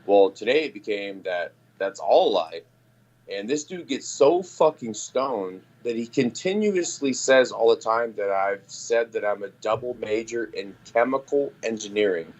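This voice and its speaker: A man's voice: medium pitch, lively intonation, normal speed. Man host, casual ranting storyteller, sarcastic, profane, dull lo-fi audio. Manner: profane, sarcastic storytelling, mocking quotes in raised voice. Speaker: podcast host. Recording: dull lo-fi sound.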